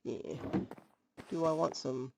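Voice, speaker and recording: A woman's voice: rumbling low, takes it slowly, vocal fry. A woman streaming a game who chats casually and thinks aloud as she sorts through items. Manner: chatty, thinking aloud while sorting items. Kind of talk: casual gameplay commentary. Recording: loud background noise.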